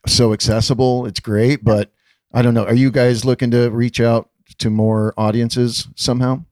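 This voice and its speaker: A man's voice: medium pitch, little pitch movement, moderate pace, a little mellow, no room sound. A man co-hosting a podcast, asking questions with enthusiasm and lots of praise. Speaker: podcast co-host. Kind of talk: casual podcast interview.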